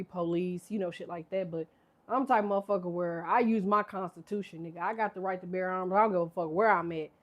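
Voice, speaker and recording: A woman in her thirties giving a casual tarot reading, rambling, profane and laughing often. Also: mid-range voice. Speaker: tarot reader. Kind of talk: casual live tarot chat.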